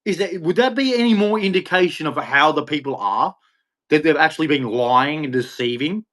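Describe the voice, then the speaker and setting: A man's voice: on the high side, normal speed, a bit bright. A middle-aged Australian man hosting a live stream, taunting viewers in a combative rant full of "dude". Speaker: livestream host.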